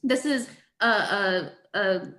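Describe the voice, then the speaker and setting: A woman's voice: medium pitch, slow, pushed and bright, reverberant. A woman who teaches, chatting casually and animatedly, acting out quotes and laughing often. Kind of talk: casual conversation.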